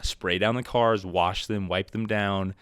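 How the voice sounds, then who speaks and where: A man's voice: fairly low pitch, measured pace, smooth, dry recording, clean studio sound. A man hosting a podcast, telling stories in casual chat, often laughing and acting out the people he quotes. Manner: laughs often, animated storytelling with quoted voices. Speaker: podcast host.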